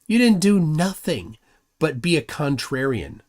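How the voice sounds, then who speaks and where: Animated mocking male livestream host. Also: fairly high pitch, a little slow. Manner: mocking, combative, reads chat aloud. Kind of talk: live debate commentary.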